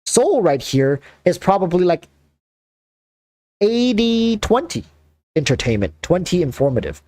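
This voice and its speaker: A man hosting a casual chat, talking in an animated, rambling way with lots of fillers. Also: high voice, unhurried, no echo. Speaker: content creator and host.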